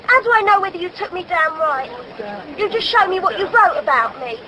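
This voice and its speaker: Eliza Doolittle, a high-voiced Cockney flower girl. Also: lively intonation, a little fast. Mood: indignant. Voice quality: pleading, whining. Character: poor young Cockney flower girl, indignant. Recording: noisy audiobook recording.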